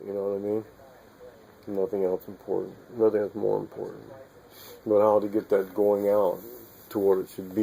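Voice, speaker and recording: A man's voice: fairly low pitch, creaky, warm tone, slight background noise, poor audio. A man musing in a rambling way about faith and life, repeating himself and chuckling often. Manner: meandering, repetitive, chuckling often.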